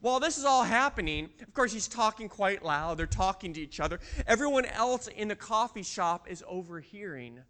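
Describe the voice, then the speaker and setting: A man delivers a sermon in a church, his voice pitched high. He tells a story and keeps putting questions to the congregation. His tone is bright and ringing. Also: expressive, normal speed, few pauses. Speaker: pastor.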